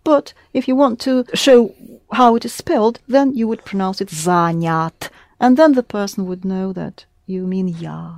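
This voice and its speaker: A woman's voice: on the high side, darkish tone, no room sound. Patient woman teaching a language lesson. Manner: patient, encouraging, repeats words slowly and clearly.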